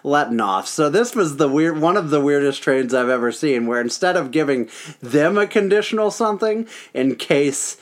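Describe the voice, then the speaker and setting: A man's voice: a little high, lively intonation, normal speed. A man co-hosting a casual sports podcast, running through dates and trades with frequent laughs. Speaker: podcast co-host.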